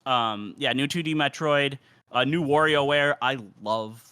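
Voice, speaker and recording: A man's voice: mid-range voice, a little slow, bright, forceful tone, smooth. A young man co-hosting a gaming podcast, rambling with lots of fillers in casual chat. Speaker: podcast co-host.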